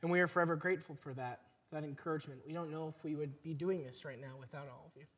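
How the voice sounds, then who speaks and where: A pastor delivers a conversational sermon, telling stories and pausing to let points land. His voice sits noticeably high for a man. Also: fairly even intonation, fairly bright tone. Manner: storytelling, conversational, pauses for emphasis.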